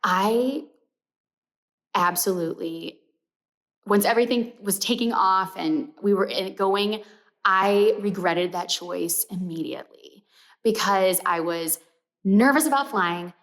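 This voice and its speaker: A young adult woman casually telling a personal story, animated, with lots of "like" fillers and dropping to a whisper for the gross parts. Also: mid-range voice. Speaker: sewing pattern company storyteller.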